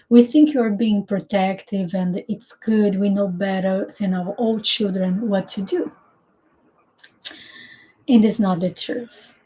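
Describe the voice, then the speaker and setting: A woman's voice: mid-range voice, warm tone, poor audio. A woman therapist giving an earnest, explanatory casual talk about relationships.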